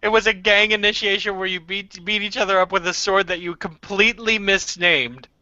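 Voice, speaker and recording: Bright high-voiced joking man. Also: steady tone, brisk, dry recording. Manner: joking, teasing. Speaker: co-host. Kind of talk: casual chat. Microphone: video call. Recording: dull lo-fi sound.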